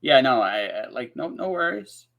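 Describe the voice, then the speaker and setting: A man's voice: medium pitch, very animated, normal speed, creaky, fairly bright tone. A man hosting a casual interview podcast, talking in loose rambling runs with many restarts and "right?" tags. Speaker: podcast host.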